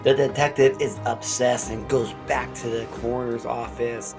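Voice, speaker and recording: A man's voice: mid-range voice, level tone, normal speed, music in the background. A man hosting a horror review show, recapping an episode in a casual, profane storytelling way.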